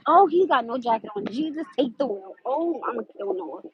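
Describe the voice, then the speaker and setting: Chatty high-voiced woman livestreaming outdoors. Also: animated, fairly quick, muffled recording. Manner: loud, chatty and exasperated, laughing often. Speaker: livestream host. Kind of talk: casual livestream chat. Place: outdoors in the cold.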